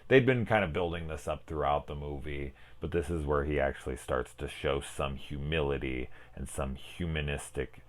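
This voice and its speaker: A man's voice: rumbling low, normal speed, hardly any pauses. A man in his forties, a film reviewer giving a casual spoiler talk, tired and fighting off yawns late at night, rambling and swearing as he goes. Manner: rambling, profane, self-interrupting. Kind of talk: casual one-take spoiler discussion.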